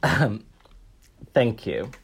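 Chatty expressive man hosting a podcast. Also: on the low side, very slow, husky. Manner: chatty, expressive, self-mocking. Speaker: podcast co-host. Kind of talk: casual chat.

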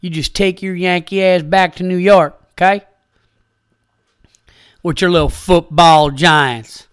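A man's voice: high-pitched, steady tone, slow pace, clean tone, dry recording, clean studio sound, voice pushed up. A man voicing a rowdy, boastful Texan football fan in a put-on Texan accent, hollering crude brags with a drawl. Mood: boastful taunting.

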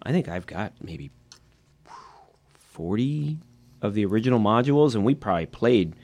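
A man on a casual gaming podcast who talks in a measured, reflective way. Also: lowish voice, a little mellow.

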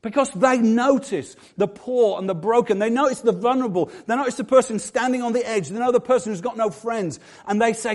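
A man's voice: very high voice, a little fast, few pauses, a little mellow. A middle-aged man preaching a sermon as pastor, conversational and self-deprecating.

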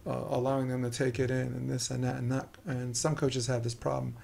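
A middle-aged man with a New York accent, hosting a casual interview and talking fast and animatedly. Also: mid-range voice, flat delivery, vocal fry, a little mellow, a little hiss or hum. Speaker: podcast host.

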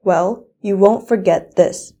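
A woman's voice: medium pitch, slow. A teenage girl reading aloud, voicing a mean, spiteful fairy woman who roars her curses in a storybook. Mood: furious. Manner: loud, roaring.

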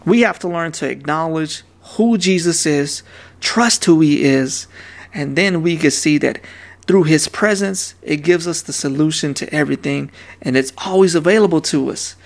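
A man's voice: a little high, moderate pace, gravelly. A man in his thirties preaching a sermon in a casual, conversational way, dropping slang asides to the congregation. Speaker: pastor.

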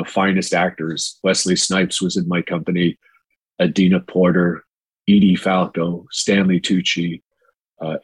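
A man in his sixties from New York, an actor telling his life story in a relaxed, rambling way with many fillers. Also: sits low, breathy edge, no room sound, low-quality recording. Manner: relaxed, rambling with fillers, mimics quoted voices. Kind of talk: storytelling in a casual interview.

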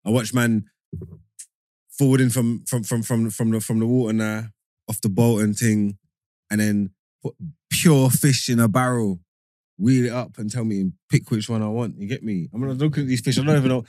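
A man's voice: mid-range voice, fairly even intonation, moderate pace, darkish tone, dry recording, studio quality. A man talking casually on a live-streamed show, using British street slang and restarting his sentences often. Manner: British street slang, restless self-corrections.

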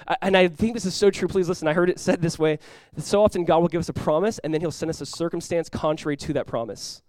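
A male pastor delivers a high-energy sermon, acting out quoted voices with dramatic swings in pitch and volume. His tone is darkish, with no echo.

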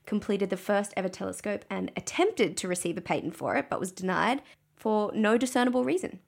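A woman's voice: mid-range voice, a little fast, gravelly. A woman co-hosting a podcast, leading a segment and reading out a list with dry asides. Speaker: podcast co-host. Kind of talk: casual chat.

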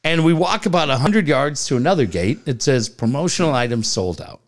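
Lively middle-aged man telling stories. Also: medium pitch, a little fast. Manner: animated storyteller acting out dialogue, swears freely. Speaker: podcast co-host. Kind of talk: casual chat.

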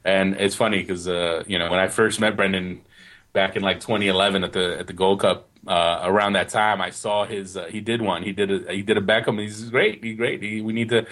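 A man's voice: low voice, fairly even intonation, brisk, fairly bright tone. A man co-hosting a casual soccer podcast, rambling with frequent restarts and "you know what?" asides. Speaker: podcast co-host.

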